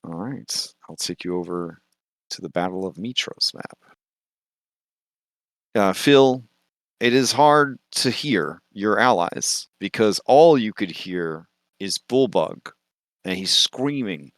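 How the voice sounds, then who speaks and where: A man narrating as game master of a tabletop game, in slow, halting sentences with fillers. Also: on the low side, lively intonation, dry recording.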